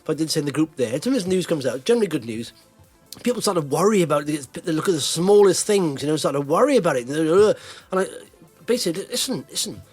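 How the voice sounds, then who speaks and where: A man hosting a casual podcast, animated and teasing, talking in fits and starts. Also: a little high, fast, husky, faint music behind. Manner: animated, teasing, self-interrupting. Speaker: podcast host.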